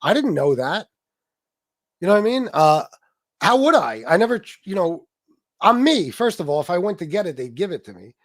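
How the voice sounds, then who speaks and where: Male streamer, angry profane rant, slightly high voice, dry recording. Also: sing-song, normal speed, long pauses, no room sound. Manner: profane, aggressive, talks to chat. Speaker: livestream host. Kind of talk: heated livestream rant.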